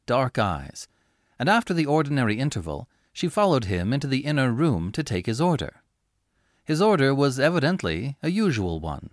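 A man reading a classic story aloud as narrator, with measured, expressive storytelling. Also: medium pitch, no echo, studio quality. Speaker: audiobook reader. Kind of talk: scripted narration.

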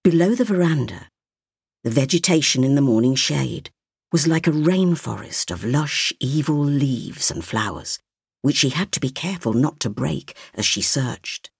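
A woman reading a story aloud, slowly and expressively. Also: rumbling low, expressive, creaky, a little mellow, breathy edge, dry recording, clean studio sound. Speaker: narrator.

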